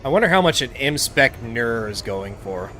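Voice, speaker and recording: A man hosting a live game stream, talking casually in a relaxed, rambling way with lots of filler words. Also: mid-range voice, moderate pace, a little hiss or hum. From United States. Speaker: livestream gaming host. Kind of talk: casual live-stream chat while playing.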